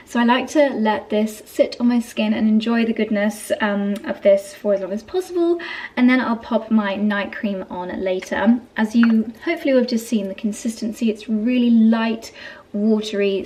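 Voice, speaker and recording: A woman's voice: fairly high pitch, a little mellow. A woman, chatting effusively as she hosts her own lifestyle vlog. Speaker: vlogger host. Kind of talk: casual vlog chat.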